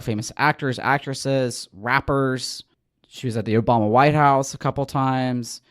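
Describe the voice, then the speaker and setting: A man's voice: mid-range voice, dry recording, clean studio sound. A man hosting a podcast, chatting casually and telling stories with a wry edge. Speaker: podcast host.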